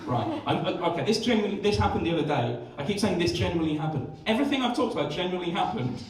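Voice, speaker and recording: Young male stand-up, high-pitched, self-mocking and sweary, rambling through restarts, mic caught from across a noisy, echoing club. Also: lively intonation, racing. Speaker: stand-up comedian. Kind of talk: live stand-up set. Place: comedy club stage. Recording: echoey club room, distant mic, audience noise.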